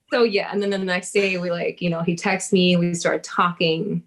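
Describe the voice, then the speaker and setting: A woman telling a personal story in casual chat, lively, swearing and laughing, acting out her own past words. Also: fairly low pitch, a little slow, long pauses.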